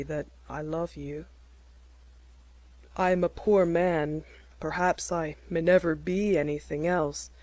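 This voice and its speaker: A gentle, earnest young man , read by a woman, speaking low and tenderly with a slightly lowered, changed tone. His words come slowly and softly in a dry, close storybook reading. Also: dry recording.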